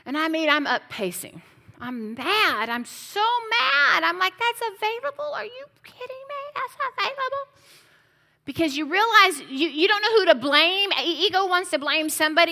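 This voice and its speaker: A woman's voice: high-pitched, pushed and bright. A middle-aged woman preacher giving a sermon, emphatic and conversational, speaking straight to her congregation.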